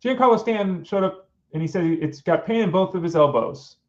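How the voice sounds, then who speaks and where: A man's voice: sits high, animated, brisk. Exasperated middle-aged man, dull lo-fi sound. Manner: exasperated, fires off rhetorical questions. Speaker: fantasy sports show host. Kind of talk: casual opinionated commentary.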